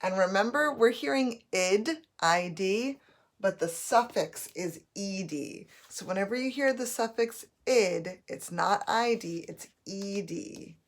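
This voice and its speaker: A woman teacher giving a slow, patient phonics lesson to young children, spelling out letters as she goes. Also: mid-range voice.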